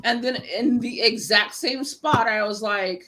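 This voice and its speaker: A woman from the United States chats casually, winding through a long story full of restarts. She puts on little voices for everyone she quotes, and her voice sits a bit higher than most. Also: unhurried, bright, forceful tone. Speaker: guest panelist. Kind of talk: casual chat.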